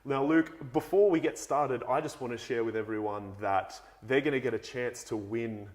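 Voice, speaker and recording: A man's voice: mid-range voice, normal speed. An eager, upbeat man hosts the show and introduces his guest. He speaks in an enthusiastic presenter tone and keeps the conversation moving. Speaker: host. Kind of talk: hosting an interview.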